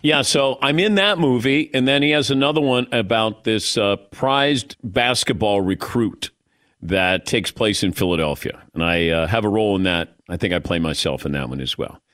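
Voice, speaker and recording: A man's voice: fairly low pitch, moderate pace, fairly bright tone. A middle-aged man hosting a sports radio show, talking in a wry, self-deprecating way and reading ads live. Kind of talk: casual radio banter and live ad reads. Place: radio studio. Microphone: studio microphone.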